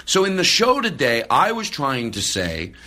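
Podcast guy rambling into a phone, bright sharp tone, keeps restarting sentences. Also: on the high side, moderate pace. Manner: excitable, rambling with many restarts. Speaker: podcast host. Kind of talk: casual podcast talk. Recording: phone recording, far from the mic.

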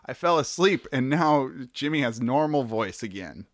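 A man's voice: mid-range voice, expressive, normal speed, no room sound, clean studio sound. A man co-hosting a comedy podcast, bantering playfully and laughing often while he riffs on silly ideas. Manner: playful, giggly, riffs on jokes. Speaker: podcast co-host.

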